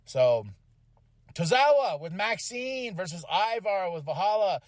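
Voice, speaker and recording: Man, podcast host, casual wrestling recap, fairly high voice, dry recording. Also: a little slow, no echo. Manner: animated, swears freely, acts out quotes.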